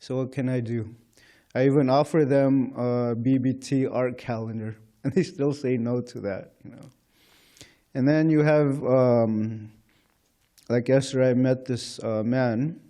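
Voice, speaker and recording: This medium-pitched male voice is mellow and steady, moving a little slowly. He's teaching scripture informally in a temple lecture hall, speaking conversationally, with plenty of chuckles and "you know."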